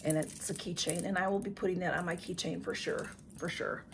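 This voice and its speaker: A woman's voice: on the low side, fairly even intonation, fairly quick, vocal fry, a little hiss or hum. A woman chatting casually to her camera as a vlogger, gushing with emotion and thanking over and over. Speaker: YouTube vlogger. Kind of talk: casual unboxing chat to camera.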